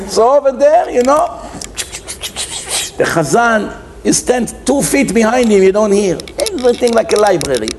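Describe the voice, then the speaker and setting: A man's voice: sits high, normal speed, creaky, noisy background. A man, a rabbi, giving a humorous sermon, animatedly acting out the figures. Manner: animated storyteller acting out characters in quotes.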